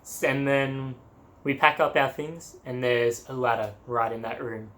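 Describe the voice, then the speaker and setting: Young Australian man, mid-pitch, casual animated storyteller, laughs a lot. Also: measured pace. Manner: animated, acts out quotes, laughs often. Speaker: travel vlogger.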